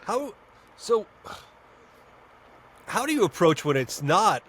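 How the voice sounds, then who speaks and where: A man's voice: high-pitched, big pitch swings, takes it slowly, fairly bright tone, slight background noise. A man hosting a podcast, chatting casually in an easygoing, storytelling way. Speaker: podcast host.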